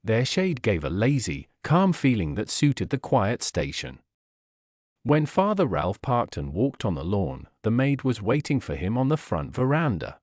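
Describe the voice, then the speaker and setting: Casting: male audiobook narrator for learners, clear and plain, lively pitch, dry close sound. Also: a little slow, dry recording.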